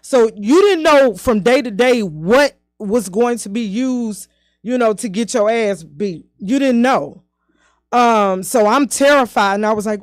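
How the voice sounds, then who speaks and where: A woman. She is a podcast guest telling a personal story in a halting way, full of "you know" and "um", and she often speeds up and slows down. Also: a little high, no echo. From southern United States.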